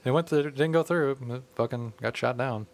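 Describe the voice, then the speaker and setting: A man's voice: mid-range voice, normal speed, vocal fry. A man in his thirties from the Midwest, telling a profane story in casual chat and acting out the people in it. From American Midwest. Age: 30s.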